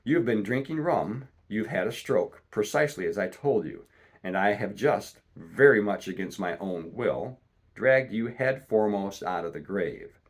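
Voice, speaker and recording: A man's voice: lowish voice, lively intonation, unhurried, slightly rough, exaggerated voice. A man voicing a stern country doctor who lectures firmly and plainly, reading a storybook aloud. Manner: firm, lecturing and plain-spoken.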